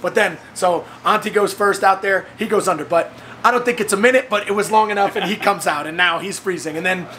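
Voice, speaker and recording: Animated man telling a story. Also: fairly quick, slight background noise. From United States. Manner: animated, acts out quoted voices with big pitch jumps. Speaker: host of the fitness training program. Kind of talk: casual storytelling.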